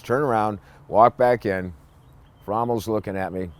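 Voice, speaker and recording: An older man, a former police officer, telling a casual anecdote in a blunt, salty way and acting out the gruff lines of others. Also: on the low side, normal speed. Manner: blunt, salty storyteller who acts out gruff quoted lines.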